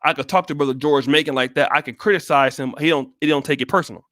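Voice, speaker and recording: American guy live streaming, cusses a lot, keeps restarting his sentences, slightly higher voice. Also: quick pace, fairly bright tone, dry recording, clean studio sound. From United States. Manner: blunt and profane, with many restarts. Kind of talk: casual livestream commentary.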